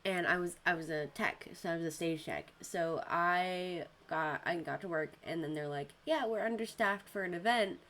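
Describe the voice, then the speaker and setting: A woman's voice: normal speed, few pauses. A young woman hosting a casual podcast, telling work stories with lots of laughter and acted-out voices. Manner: animated storyteller, acts out customers in high voices, laughs often. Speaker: podcast host. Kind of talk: casual chat.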